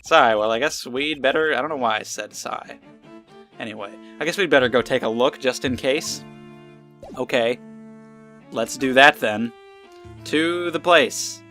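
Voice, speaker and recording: Bright-voiced young guy playing a game. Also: medium pitch, moderate pace, faint music behind. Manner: rambling, joking asides to himself. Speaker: let's play host. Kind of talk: casual gameplay commentary.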